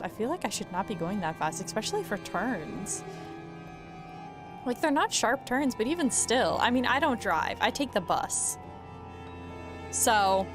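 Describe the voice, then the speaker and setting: Woman streamer, rambling and swearing as she plays a game. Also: medium pitch. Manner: rambling, swears, laughs at herself. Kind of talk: casual gameplay commentary.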